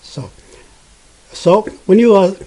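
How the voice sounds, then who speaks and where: A man whose first language is Mandarin Chinese, teaching Mandarin pronunciation patiently, repeating each sound many times with frequent pauses. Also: high voice, expressive, warm tone, breathy edge, low-quality recording. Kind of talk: pronunciation lesson.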